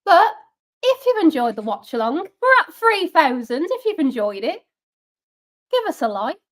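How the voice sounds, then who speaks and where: A young woman chats sarcastically through a live football watch-along stream. Her voice sits high and bright for a woman, and she talks straight to her viewers as she reads out their comments. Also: very animated, moderate pace. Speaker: fan channel watch-along host.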